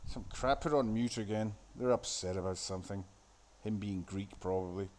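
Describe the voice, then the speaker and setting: He speaks at a normal speed, his voice on the low side with a darkish tone. Watching a film, he tosses off loose, rambling remarks that are sardonic, crude and heavy with profanity.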